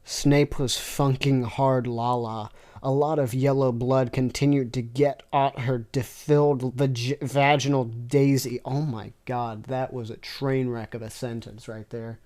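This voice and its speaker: A woman reading weird fanfiction aloud with deadpan, sarcastic asides. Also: extremely low pitch, unhurried, hardly any pauses. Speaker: fanfiction reader. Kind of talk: comic reading with reactions.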